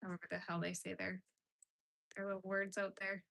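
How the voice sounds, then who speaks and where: A woman's voice: mid-range voice, completely flat delivery, fairly quick, vocal fry, fairly bright tone. A young Canadian woman on a crochet livestream, chatting casually with viewers in a rambling way with lots of "like". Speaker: crochet live streamer. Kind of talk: casual live chat while crocheting.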